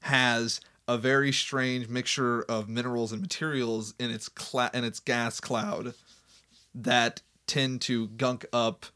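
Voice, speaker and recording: A man's voice: medium pitch, flat delivery, slow, bright, forceful tone. A man co-hosting a podcast in casual chat, rambling and jokey with frequent laughs. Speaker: podcast co-host.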